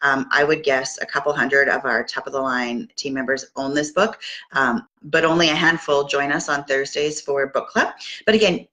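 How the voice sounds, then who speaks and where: A middle-aged woman from Canada coaching her sales team in an upbeat, casual talk. Her voice sits low but sounds bright and forceful. She stops and restarts often and fills pauses with ums. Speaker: direct sales team leader.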